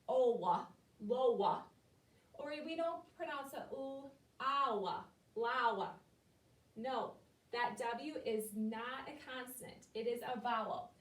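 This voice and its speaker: A woman teaching a phonics lesson to young children, slowly sounding out words in a patient way. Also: high-pitched. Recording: echoey room from far off.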